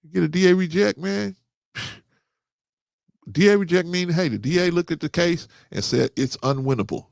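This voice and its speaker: A man's voice: a little high, moderate pace, creaky, long pauses, dry recording, clean studio sound. A man, in his thirties or older, hosting a casual talk and telling a story, often tagging lines with "man" and "right?". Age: 30s or older. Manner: animated, repeats "man" and "right?", quotes others. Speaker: podcast host.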